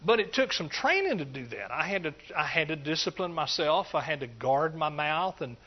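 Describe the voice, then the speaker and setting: A middle-aged man, preaching a sermon as a pastor in a folksy, joking manner with bursts of animated praise. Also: on the high side, moderate pace. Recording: dull lo-fi sound.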